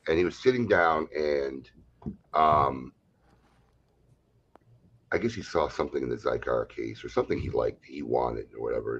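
A man in casual chat, telling an anecdote in a halting, lively way. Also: very deep voice, breathy edge, lo-fi sound. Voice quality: lively, halting delivery with restarts.

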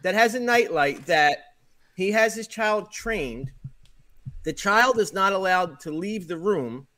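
A man with a raised, highly lively pitch, ribbing a friend in casual podcast banter. His voice rises and falls a lot as he pokes fun. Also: takes it slowly. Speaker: podcast co-host. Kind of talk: casual chat.

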